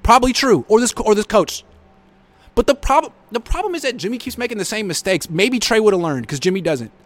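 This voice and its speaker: A man's voice: sits high, animated, a little fast, no echo. Sarcastic man hosting a sports reaction show. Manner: sarcastic, blunt. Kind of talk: live reaction show, reading viewer comments.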